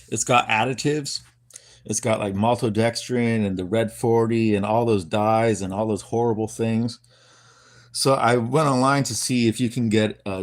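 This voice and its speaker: A man telling a long personal story to his live chat in a rambling, profane way, full of restarts and side remarks. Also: on the low side. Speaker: streamer.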